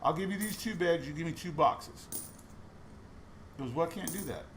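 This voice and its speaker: A man's voice: a little high, normal speed, fairly bright tone, slight background noise. A man chatting casually while going through boxes of coins, telling stories with lots of restarts. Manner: chatty storytelling with many restarts. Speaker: coin roll hunting vlogger.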